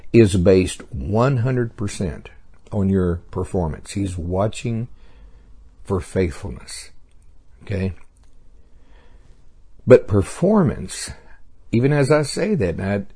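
A man's voice: on the low side, dark tone, husky. A middle-aged man preaching a sermon in a folksy way, chuckling and acting out little scenes. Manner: folksy, laughing, acts out scenes.

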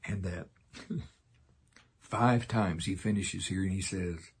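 Deep, very husky older male preacher. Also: fairly bright tone. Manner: folksy, laughs often, slows into solemn repetition. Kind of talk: sermon.

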